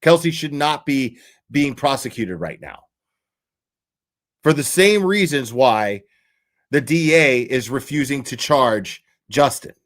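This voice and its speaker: A man with a mid-range voice talks at a close desk mic as a livestream host. He rambles and swears and gets worked up, often starting a sentence over. His pitch sits in the middle of the male range. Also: takes it slowly. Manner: animated, profane, emotional and rambling, with restarts. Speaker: livestream host reading case documents. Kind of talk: casual livestream commentary.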